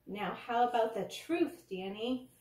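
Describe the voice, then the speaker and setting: A woman's voice: fairly high pitch, animated, unhurried, darkish tone, a little hiss or hum. A woman voicing an enthusiastic male dentist in a read-aloud storybook, speaking in an emphatic, exclaiming, teacherly way. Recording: roomy, from a distance.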